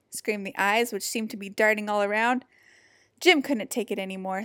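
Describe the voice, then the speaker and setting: A woman reading a children's picture book aloud in an expressive, animated way. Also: mid-range voice, normal speed, no room sound, studio quality. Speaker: storybook reader.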